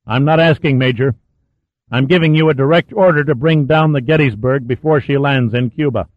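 A man's voice: mid-range voice, brisk, no room sound, voice pushed up, close to an everyday voice. A man doing a stern commanding general. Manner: clipped, ordering. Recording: tinny phone-like sound, dry.

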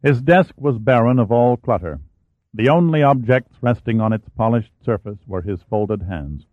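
A man reading an audiobook chapter in a steady, measured narration. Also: mid-range voice, dry recording. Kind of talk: scripted narration. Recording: dry, tinny phone-like sound.

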